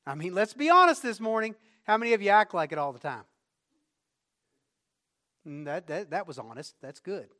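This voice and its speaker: A man preaching to his congregation in a high, bright voice. He talks conversationally, then swells into emphatic, rising lines. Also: very animated, moderate pace, pauses often. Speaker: pastor. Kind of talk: sermon.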